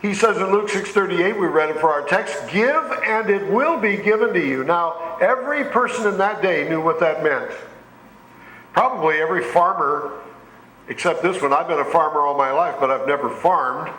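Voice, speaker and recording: A man's voice: fairly high pitch, moderate pace, sharp tone, echoey room, rough recording. A man preaching a sermon as pastor in a church, telling folksy stories and lifting his voice on the scripture passages. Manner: folksy storytelling with rising emphasis on scripture. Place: church sanctuary.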